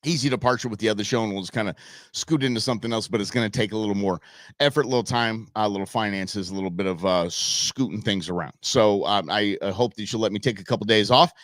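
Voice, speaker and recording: A man's voice: lowish voice, quick pace, dry recording, studio quality. A middle-aged man hosting a live outdoors show from his desk, telling stories in a casual monologue and acting out what people said. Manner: animated storyteller acting out quotes. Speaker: show host. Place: home studio at a computer.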